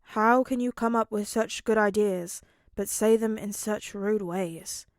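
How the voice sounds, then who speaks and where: A woman doing a calm teenage boy with a flat, deadpan monotone, unhurried in an audiobook reading. The sound is close and dry. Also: mid-range voice, dry recording, close to an everyday voice.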